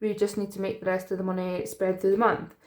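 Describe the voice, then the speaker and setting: A woman's voice: medium pitch, flat delivery, quick pace, a little mellow. A tired woman from the UK chatting casually to camera about her budget, rambling with lots of fillers. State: tired, yawning. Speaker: budgeting vlogger.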